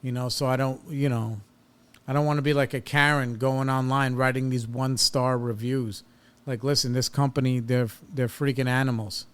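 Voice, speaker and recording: A man's voice: medium pitch, flat delivery, moderate pace, fairly bright tone, clear, resonant tone. Blunt, profane man telling a story. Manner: blunt and profane, retells arguments with rising heat. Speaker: podcast host. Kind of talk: casual personal storytelling.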